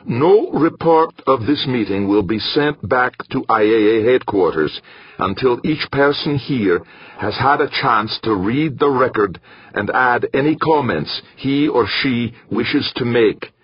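A man voicing a stern older male professor who chairs a meeting, speaking formally and with measured, pointed questions. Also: mid-range voice, lively intonation, breathy edge, no echo, highs cut off, pitched above the performer's own voice.

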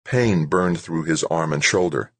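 Deep-voiced husky male narrator. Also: unhurried, a bit bright, no echo. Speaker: audiobook narrator. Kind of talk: scripted narration.

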